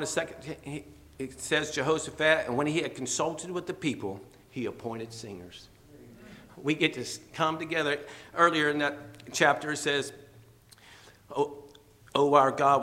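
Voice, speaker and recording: A man preaching a fervent, emotional sermon, at times teary and laughing softly. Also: fairly high pitch.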